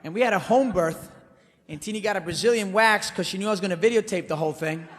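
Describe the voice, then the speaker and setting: A man performing a brash, animated stand-up monologue, swinging between loud outbursts and hushed asides. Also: high-pitched, fast talker, in a large hall. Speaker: comedian. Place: theater stage.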